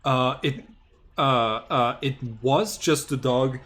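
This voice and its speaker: Slow, hesitant man game master. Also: medium pitch, fairly bright tone. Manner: hesitant, many filler sounds. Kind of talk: running a tabletop game. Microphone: headphones with microphone.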